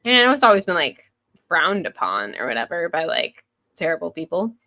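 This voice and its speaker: Woman, 30s, podcast co-host; bright tone, lively swings, plays out quotes as she chats. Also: lowish voice, brisk. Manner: animated, laughing, acts out quotes. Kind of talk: casual chat.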